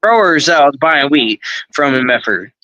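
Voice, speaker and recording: A man co-hosting a laid-back podcast, talking big and swearing freely, with "bro" tacked onto almost everything. His voice is bright and tense, sitting a bit high, and the recording is dry and close. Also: expressive, normal speed, dry recording, highs cut off. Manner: boastful, profane, says bro often. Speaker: podcast co-host. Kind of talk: casual chat.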